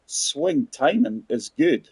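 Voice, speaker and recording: Husky man chatting over gameplay. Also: mid-range voice, sing-song, slow, darkish tone, no echo. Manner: chatty, rambling, talks to viewers as guys. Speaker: gaming channel host. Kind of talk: casual gameplay commentary.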